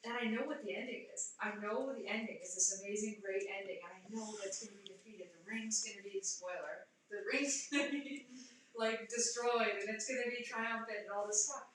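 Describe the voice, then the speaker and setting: A woman's voice: mid-range voice, a little fast, a bit bright. Woman talking from far off in an echoey room. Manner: rambling, filler-heavy storytelling. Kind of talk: casual faith discussion. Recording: echoey room, distant mic, faint noise.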